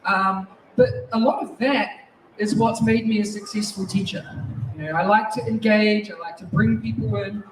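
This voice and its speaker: A man in his forties from New Zealand with a New Zealand accent, giving a lively, restless conference keynote in a large hall. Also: high voice, normal speed. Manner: lively, restless, moves around while talking. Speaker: keynote speaker. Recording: echoey hall, distant mic, faint noise.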